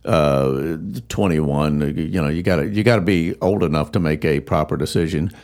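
A man's voice: a bass voice, moderate pace, a little mellow. A man hosting a talk show, speaking casually with a hesitant, searching manner. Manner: hesitant, many fillers and restarts. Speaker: podcast host. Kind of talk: casual chat.

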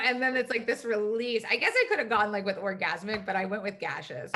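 A woman's voice: medium pitch, fairly quick, hardly any pauses. A woman speaking as a podcast guest, telling candid personal stories in casual, profane conversation. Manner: candid, profane, animated storytelling.

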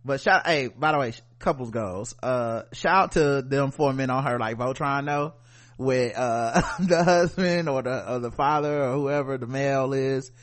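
A man's voice: mid-range voice, normal speed. A man co-hosting a podcast, talking casually in slang, joking and often laughing. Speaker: podcast co-host. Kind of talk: comedic casual chat.

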